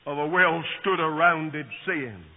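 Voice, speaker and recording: A man preaching a sermon, swinging from hushed, quiet passages to shouted peaks. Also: a little high, takes it slowly. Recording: tinny lo-fi recording in an echoing hall.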